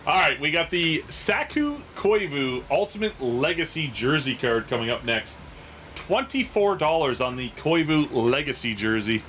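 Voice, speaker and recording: With a slightly high, sing-song, fairly bright voice at a moderate pace, a man in his thirties hosts a casual sports card auction livestream. He swears as he jokes and laughs hard at his own stories, and there's a little hiss or hum.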